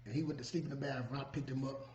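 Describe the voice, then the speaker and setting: A man's voice: mid-range voice, steady tone, rapid-fire, a little mellow, a little hiss or hum. A middle-aged man, talking casually as a podcast host and often asking "you know what I'm saying". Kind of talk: casual monologue. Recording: echoey room, dull lo-fi sound.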